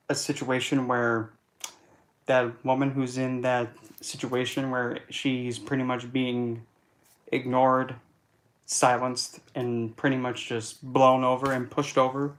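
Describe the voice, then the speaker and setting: Delivering a loose, blunt monologue, this occult and astrology vlogger has a medium-pitched, fairly bright voice. He chats casually, makes dark jokes, and keeps correcting himself as he goes.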